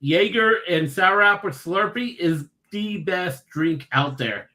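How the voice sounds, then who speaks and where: A man chimes in on a relaxed sports podcast with jokes. His voice sits slightly high, and he trips over repeated words as he restarts. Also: takes it slowly. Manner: stammering, joking restarts. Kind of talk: casual chat.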